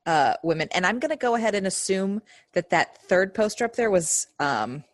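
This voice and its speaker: A woman's voice: medium pitch, expressive, normal speed, dry recording, studio quality. A woman co-hosting a podcast in casual chat, adding wry, joking asides and swearing casually. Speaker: podcast co-host.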